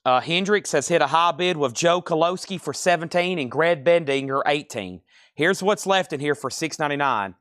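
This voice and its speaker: A man's voice: on the high side, a bit bright, clean tone, no echo, studio quality. A man hosting a live record sale, chatting casually and thinking aloud as he sorts and prices albums. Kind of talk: casual live sales patter.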